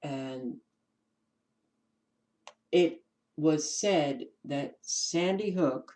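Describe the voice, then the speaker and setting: A woman with a New York accent, hosting her own channel and giving casual commentary as she reads from documents, pausing with ums and restarting words. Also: sits low, dark tone, rough recording. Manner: unhurried, stops to restart words, many ums. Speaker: channel host.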